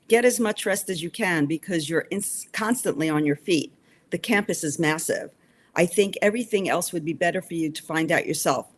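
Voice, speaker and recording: A woman's voice: fairly low pitch, lightly acted. A woman voicing a charming, teasing young British male soccer coach while reading her novel aloud. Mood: advising. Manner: cheery and teasing.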